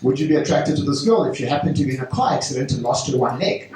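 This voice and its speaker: Man, stand-up comedian, halting delivery, many fillers, roomy club echo, distant mic. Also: mid-range voice, expressive, very noisy. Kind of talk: stand-up set.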